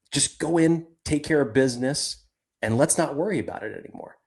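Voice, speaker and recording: A man's voice: on the high side, lively intonation, normal speed, creaky, a little mellow. A man co-hosting a casual sports podcast, talking in long rambling sentences that restart midway. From California. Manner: rambling, self-interrupting. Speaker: podcast co-host.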